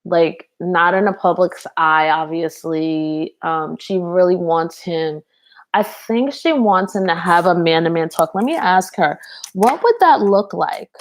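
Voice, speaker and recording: A woman's voice: fairly low pitch, a little slow. A young woman giving a casual live tarot reading, chatty and rambling, talking to viewers in the chat. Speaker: tarot reader.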